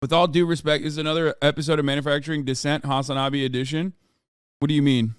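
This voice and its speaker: A man in his thirties hosting a livestream, reading and answering chat in a profane rant that swings from mumbling to yelling. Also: on the high side, little pitch movement, fast, smooth, no echo, studio quality. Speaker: streamer.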